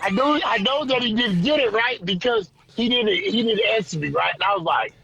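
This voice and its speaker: A man on a casual podcast with a high, gravelly voice and a bright, sharp edge to it. He jumps into the talk excitedly, cussing freely. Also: fairly quick, dry recording. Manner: excitable, profane, jumps in with reactions. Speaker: podcast co-host. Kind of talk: casual chat.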